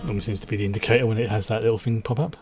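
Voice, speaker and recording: A man's voice: fairly low pitch, fairly even intonation, rapid-fire, music in the background. A man with a London accent giving rambling, chatty commentary while streaming a game, often restarting his sentences. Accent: London English. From England. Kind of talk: casual gameplay commentary.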